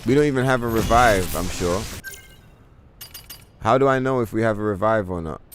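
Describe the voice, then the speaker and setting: A man's voice: fairly low pitch, normal speed, soft background music. A man streaming a game, ranting in a casual, profane, exasperated way and mocking others in put-on voices. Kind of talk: casual gaming stream rant.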